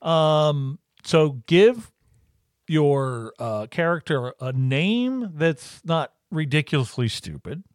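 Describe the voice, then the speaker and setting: A man's voice: on the high side, expressive, slow pace, no room sound, studio quality. A man casually chatting as co-host, telling a story with lots of swearing and acted-out quotes. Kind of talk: casual chat.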